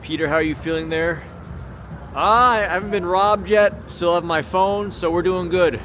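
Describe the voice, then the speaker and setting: An American livestreamer rambles to his viewers from a busy city street at night, his slightly high, a bit bright voice moving at a moderate pace. His loose, chatty talk keeps pausing so he can read comments aloud. A small handheld camera mic picks up the clear hum of street traffic around him.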